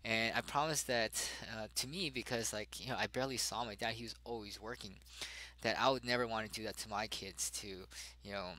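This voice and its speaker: A young adult man, a father, telling a personal story in a halting way, full of fillers and restarts. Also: lowish voice, fairly even intonation, pushed and bright, rough recording.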